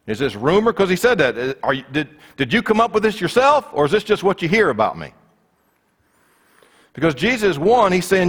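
A man's voice: high-pitched, big pitch swings, normal speed, a bit bright. Man preaching in a reverberant hall. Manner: conversational preaching, acting out quoted voices. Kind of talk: sermon.

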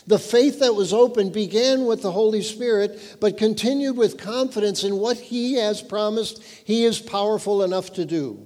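A man preaching a sermon, earnest and emphatic, dropping lower and quieter when he reads scripture. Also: moderate pace, hardly any pauses. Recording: long hall reverb.

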